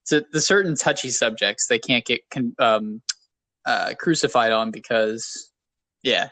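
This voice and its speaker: A man co-hosting a casual podcast in a rambling, self-deprecating way. His voice sits at a middle pitch. The sound is dry and close to the mic. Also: a little slow, bright, forceful tone, dry recording. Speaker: podcast co-host.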